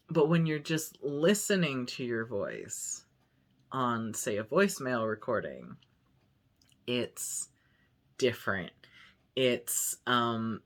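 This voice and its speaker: A man with an androgynous, mid-pitched voice chats loosely to camera. He rambles and restarts, and fills his sentences with "like" in an easygoing vlog style. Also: animated, slow pace, long pauses, a bit bright. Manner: chatty, rambling, lots of "like". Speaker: vlogger. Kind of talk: casual vlog chat.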